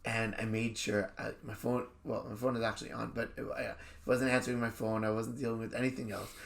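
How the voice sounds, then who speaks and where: A man, a rabbi, co-hosting a podcast and telling an animated anecdote in casual chat, slipping into quick voice impressions. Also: mid-range voice, vocal fry.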